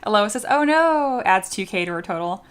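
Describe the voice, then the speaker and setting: A woman's voice: mid-range voice, steady tone, quick pace, fairly bright tone. A young woman streamer chatting casually with her viewers, swearing and playing up dramatic mock outrage. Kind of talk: casual live-stream chat.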